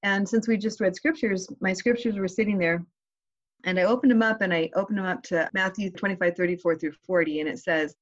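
Mother guest telling a heartfelt story with halting pauses; slightly dull, muffled clip. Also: mid-range voice, steady tone. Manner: heartfelt, hesitant, with pauses and restarts. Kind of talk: personal storytelling.

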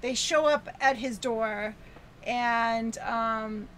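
Slow-talking woman with many ums. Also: fairly high pitch, a bit bright, slight background noise. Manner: recaps the plot with many ums, laughs often. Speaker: podcast co-host. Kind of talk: casual chat about a film.

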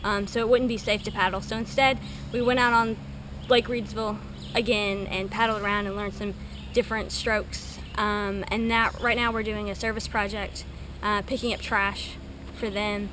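A woman's voice: mid-range voice, level tone, moderate pace. A woman giving a casual video diary update on a canoe trip, chatty with many fillers, outdoors by a lake. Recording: noisy outdoor camera audio.

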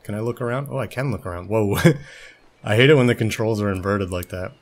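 A man's voice: lowish voice, fairly quick. A young man giving playful, joking gameplay commentary as a let's play host, swearing casually.

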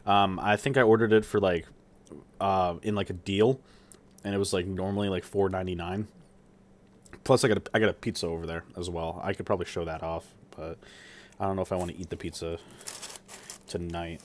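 Over a streaming setup mic, a young man with a deep voice chats casually through a food review vlog while eating, rambling with plenty of fillers and appreciative hums. His intonation is fairly even and his pace brisk, with frequent pauses.

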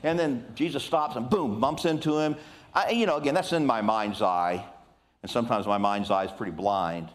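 An older man preaching a sermon in a lively, conversational way, with frequent asides to the congregation. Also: mid-range voice, normal speed.

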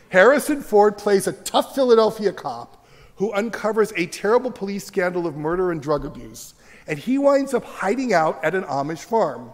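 A man in his sixties, a teacher, giving a joking, emphatic lecture on a stage microphone in a large auditorium. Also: high-pitched. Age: 60s. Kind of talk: humorous, animated public lecture. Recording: reverberant auditorium lecture recording.

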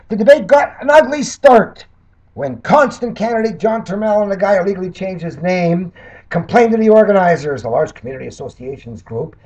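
Older male candidate, high husky voice, mocking and combative rebuttal monologue. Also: lo-fi sound. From Canada. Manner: combative, mocking, swinging between loud jabs and low mutters. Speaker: political candidate and commentator. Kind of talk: sarcastic monologue reading and rebutting criticism.

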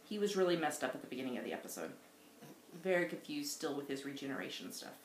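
A woman's voice: sits low, animated, fast, a little hiss or hum. Giggly woman chatting in echoey room. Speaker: podcast co-host, mother. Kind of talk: casual chat. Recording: roomy echo.

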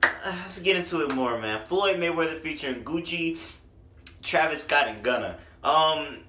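Man reviewing music, animated and profane, lively high voice, echoey room. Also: unhurried, background noise.

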